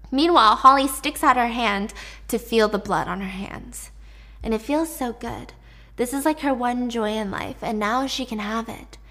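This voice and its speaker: Woman telling a creepy story casually, chatty, wry little asides, higher voice. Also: measured pace, pushed and bright. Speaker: story narrator.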